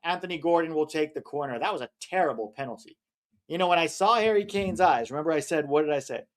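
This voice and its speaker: An American man commenting casually on a live football match for his stream viewers, reacting loudly to big moments. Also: fairly high pitch, animated, quick pace. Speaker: watch-along streamer.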